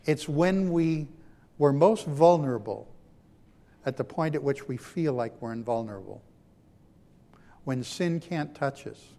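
A male pastor delivers a dramatic sermon, rising to loud, emphatic lines and then dropping to near-hushed ones. His voice sits a little higher than most men's. It rings out with the long reverb of a large hall. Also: expressive, a little slow, long pauses.

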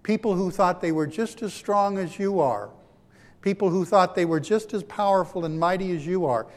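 A male pastor delivers a dramatic sermon, rising to loud, emphatic lines and then dropping to near-hushed ones. His voice sits a little higher than most men's. It rings out with the long reverb of a large hall. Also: moderate pace.

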